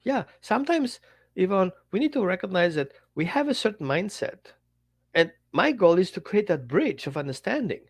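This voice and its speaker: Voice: mid-range voice, big pitch swings, moderate pace. A dog trainer talking bluntly on a podcast, acting out little dialogues. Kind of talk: podcast monologue.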